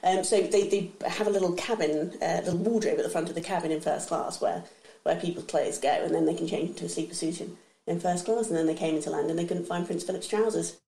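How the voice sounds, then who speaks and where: A woman in her thirties, a comedian, telling lively family anecdotes in casual chat, breaking into quick voice impressions. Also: fairly low pitch, creaky, echoey room, rough recording. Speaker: guest comedian.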